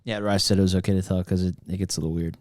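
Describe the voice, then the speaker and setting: A man's voice: low voice, flat delivery, racing, darkish tone. A man co-hosting a podcast, telling a long story in a casual, rambling way with many fillers and restarts. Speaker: podcast co-host.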